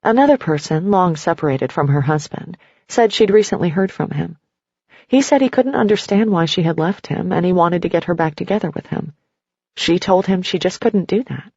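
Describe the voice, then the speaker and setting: A woman narrating a nonfiction audiobook, telling a story in the second person in a steady way. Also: fairly low pitch, moderate pace, dry recording, lo-fi sound.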